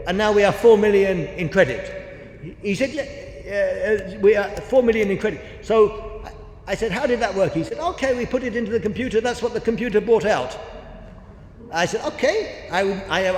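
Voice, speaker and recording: A man's voice: sits high, a little mellow. A man, preaching and telling a story with lots of quoted dialogue. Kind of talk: sermon. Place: large church hall. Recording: echoey church hall with long reverb.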